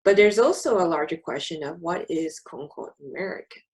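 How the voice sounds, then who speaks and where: A young California woman co-hosts a casual podcast, talking candidly in conversation with a sarcastic edge. Her voice is lowish and brisk, and the recording is rough.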